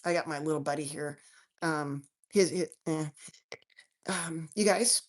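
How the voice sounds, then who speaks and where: Woman, health coach doctor, live stream host, folksy slang, lower voice, restarts a lot. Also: unhurried, long pauses. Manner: chatty and folksy, frequent restarts, homey slang. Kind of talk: casual live-stream chat answering viewers.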